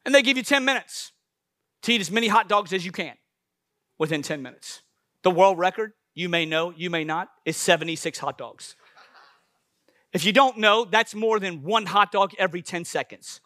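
A man preaching a sermon, swinging between loud bursts and hushed asides. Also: high voice, expressive, brisk, no room sound, studio quality.

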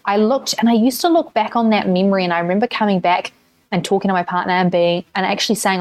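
A woman's voice: medium pitch, fast talker, no room sound. A woman with a New Zealand accent hosting a solo podcast, telling a personal story candidly in casual talk and swearing freely. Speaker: podcast host.

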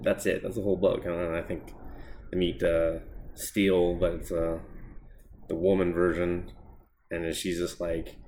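A man's voice: low-pitched, little pitch movement, normal speed, a little mellow, slight background noise. A man hosting a podcast, casually reviewing comic books in a blunt, sarcastic, sweary way. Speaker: podcast host. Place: home desk.

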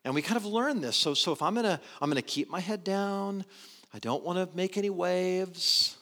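A man preaching a sermon in an animated way, swinging between loud emphasis and quiet asides. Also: high-pitched, normal speed. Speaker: pastor.

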